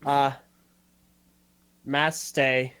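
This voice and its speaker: A man's voice: mid-range voice, flat delivery, extremely slow, fairly bright tone, smooth. A man back as co-host on a casual fan podcast over a call, easygoing and joking. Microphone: own mic on a voice call.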